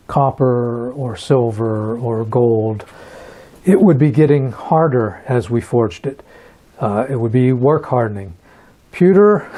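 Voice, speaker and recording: A man teaching metal forging in a hands-on demonstration, talking in a relaxed and halting way and repeating words while he works. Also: mid-range voice, husky. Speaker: metalsmith instructor.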